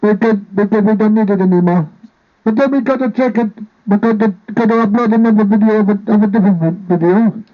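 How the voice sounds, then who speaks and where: A man's voice: high-pitched, quick pace. A man chatting in a playful, repetitive way while making a casual vlog, holding a handheld microphone and talking to a partner off camera. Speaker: vlogger. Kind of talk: casual rambling vlog chat. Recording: tinny phone-like sound.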